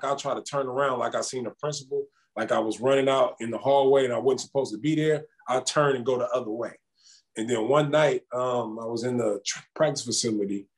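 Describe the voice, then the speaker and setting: A man in his thirties, a former basketball player, telling stories in a casual interview and acting out the dialogue as he goes. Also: mid-range voice. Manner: animated storyteller acting out dialogue.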